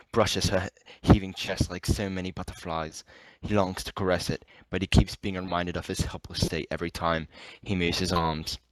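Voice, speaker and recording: A man's voice: low-pitched, dry recording, low-quality recording. A man narrating an amateur story reading, stumbling over words now and then. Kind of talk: amateur reading of erotic fiction.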